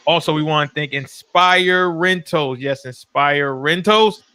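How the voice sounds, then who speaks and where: A man hosts a casual sports podcast, his voice bright and forceful, a little higher than most men's. He keeps the talk loose and slangy. The sound is dry and close, with no room around it. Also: unhurried, clear, resonant tone, no room sound. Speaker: podcast host.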